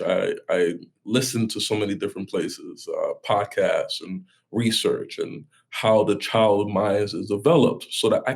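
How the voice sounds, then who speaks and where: A man in his thirties with a low, gravelly voice that sits on a husky fry. He talks in a halting, reflective way as an interview guest, restarting sentences and correcting himself as he goes. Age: 30s.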